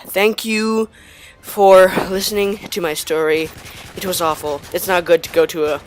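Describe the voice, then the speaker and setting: A teenage boy narrates a personal story for his gaming channel in a rambling, excitable way. He keeps slipping into quick impressions of the people he talks about, with plenty of fillers and restarts, recorded on a home mic for game commentary. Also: high voice, a little hiss or hum. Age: teens. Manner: rambling, excitable anecdote with acted-out quotes. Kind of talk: storytelling over gameplay.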